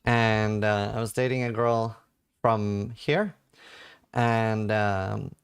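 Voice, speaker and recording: A man with a Norwegian accent chats casually on his stream. His voice is smooth and resonant with a gravelly edge, and he wanders through his anecdote with plenty of fillers, close to a desk mic. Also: lowish voice, slow. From Norway. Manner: rambling, animated anecdote with filler words. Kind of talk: casual storytelling while gaming.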